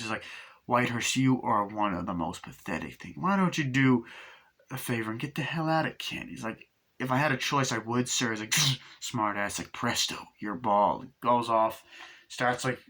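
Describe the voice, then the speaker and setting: Bright-voiced man rambling through a movie review. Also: mid-range voice. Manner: rambling, profane retelling of scenes with quoted lines. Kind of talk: casual movie review vlog.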